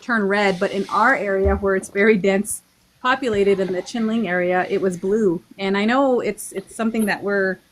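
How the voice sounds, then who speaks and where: A forty-year-old woman from the Navajo Nation in Arizona, talking earnestly as a podcast guest, pausing and restarting as she speaks. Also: mid-range voice, a little hiss or hum. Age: 40s. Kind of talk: casual chat.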